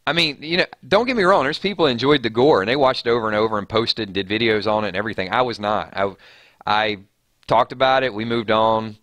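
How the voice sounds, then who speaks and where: A man's voice: lowish voice, quick pace, fairly bright tone, no room sound. A man hosting a live stream, chatting casually and reading viewer comments aloud with frequent restarts.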